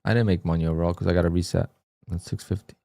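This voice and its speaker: A man's voice: low voice, fairly even intonation, rapid-fire, vocal fry, warm tone, no echo, studio quality. A man livestreaming his day trading, muttering to himself and scolding himself with sudden frustrated outbursts. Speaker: day trader streaming his trades. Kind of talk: live trading commentary.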